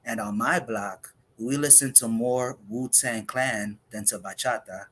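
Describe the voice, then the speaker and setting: A man, a poet of half Dominican and half Puerto Rican heritage who grew up in the United States, performing spoken word poetry in a measured, reflective way with pauses. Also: medium pitch, fairly bright tone.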